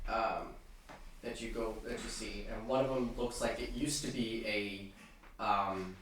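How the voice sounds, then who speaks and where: A man's voice: lowish voice, steady tone, a little slow, a bit bright, heavy reverb, distant mic, a little hiss or hum, low-quality recording. Hesitant man running a tabletop game. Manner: hesitant, full of ums and restarts. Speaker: game master.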